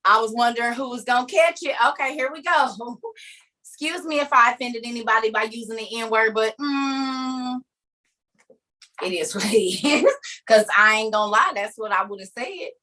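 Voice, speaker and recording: A woman preaching in a lively, conversational way on a video call. She acts out scenes as she tells them, laughs often and keeps turning to her listeners with emphatic repeats. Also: on the high side, normal speed. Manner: emphatic and repetitive, addressing listeners directly. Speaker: speaker leading an online group meeting.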